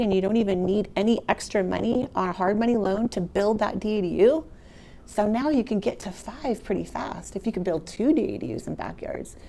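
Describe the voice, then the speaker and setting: A middle-aged woman giving a motivational real estate talk to a live audience, chatty and animated, speaking straight to the room. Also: mid-range voice. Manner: conversational, animated, addresses the audience directly.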